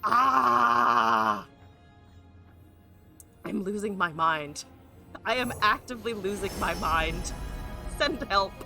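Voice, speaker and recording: A woman's voice: mid-range voice, a little slow, over music. A woman streamer ranting with exasperation while playing a card game, swearing and firing off rhetorical questions.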